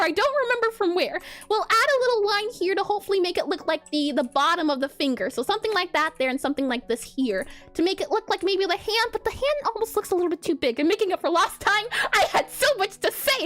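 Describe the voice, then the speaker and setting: A young woman with a very high, lively voice chats her way through a drawing stream. She giggles often and runs her words together in quick bursts. Soft music plays faintly in the background. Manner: giggly, chatty, rapid bursts of talk. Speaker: art streamer. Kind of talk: casual live-stream teaching.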